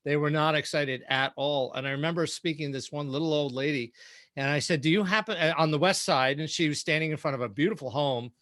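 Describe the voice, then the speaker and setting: A man speaking as a guest and keynote speaker in a casual roundtable, telling lively stories. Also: fairly high pitch, fast talker, dry recording. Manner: lively anecdotal storytelling.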